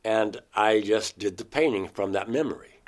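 A low-pitched man tells his story as an interview guest. He halts and restarts mid-phrase, then his voice shoots up loud and high whenever he quotes his own words. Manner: halting, restarts mid-phrase, voice rising sharply when quoting himself. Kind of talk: recounting a personal experience.

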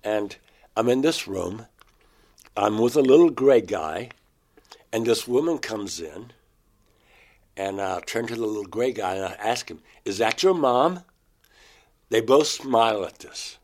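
A man recounting a personal experience in an interview, in a halting, emotional way. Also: lowish voice, animated, darkish tone.

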